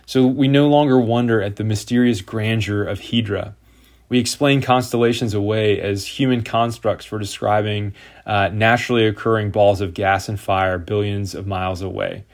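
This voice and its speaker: A man's voice: on the low side, fairly even intonation, moderate pace. A man giving a lecture, reading passages aloud and then explaining them with occasional fillers and restarts. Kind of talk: lecture on scripture and literature.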